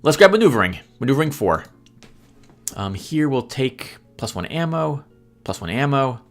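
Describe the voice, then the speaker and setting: A man's voice: mid-range voice, big pitch swings, normal speed, soft background music. A man giving chatty gameplay commentary as host, laughing often and sounding sheepishly apologetic. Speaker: let's play host.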